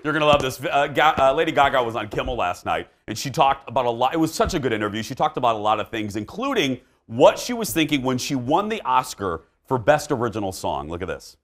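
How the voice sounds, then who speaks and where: A man's voice: mid-range voice, sing-song, a little fast, hardly any pauses, slight background noise. A man hosting a talk show, telling a story in casual chat and acting out the dialogue.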